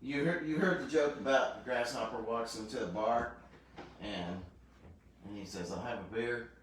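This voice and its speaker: A man's voice: medium pitch, moderate pace, slight background noise. Man, laid-back co-host with a joking, chatty manner, distant mic in an echoey room. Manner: relaxed, chatty, tells dad jokes. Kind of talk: casual chat. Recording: echoey room, far from mic, faint background ambience.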